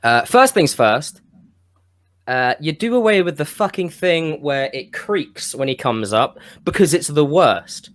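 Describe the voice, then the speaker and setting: A man co-hosting a podcast, pitching a wrestling storyline in casual chat, rambling and losing his thread now and then. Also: expressive, measured pace, fairly bright tone. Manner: rambling, self-interrupting, with bursts of enthusiasm. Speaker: podcast co-host.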